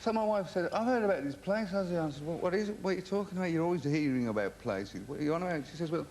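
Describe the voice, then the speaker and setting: A man's voice: on the high side, rapid-fire, darkish tone, slight background noise. A man from England, a rock singer as a TV interview guest, telling rambling comic anecdotes full of stammered restarts.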